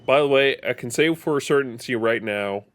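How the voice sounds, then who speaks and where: A man's voice: mid-range voice, normal speed, slight background noise. A man streaming a game live, chatting casually and thinking aloud with plenty of fillers. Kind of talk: casual live gameplay commentary.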